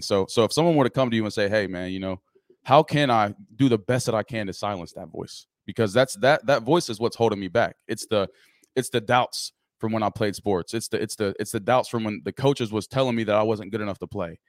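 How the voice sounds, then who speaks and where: A man's voice: on the low side, no echo, clean studio sound. A man hosting a podcast, asking questions in a casual, slangy way full of fillers. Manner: casual, fast, slangy fillers like "you know what I'm saying". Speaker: podcast host.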